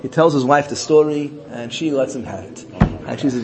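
A man teaching a Torah lesson, telling a story with lively voices and mixing in Hebrew and Yiddish terms. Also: medium pitch, fairly quick, a crowd in the background.

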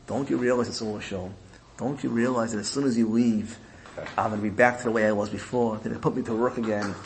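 A man's voice: lowish voice, fairly even intonation, fast talker, slight background noise, lightly acted, rough recording. A man doing a weary, pleading princess. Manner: soft, pleading.

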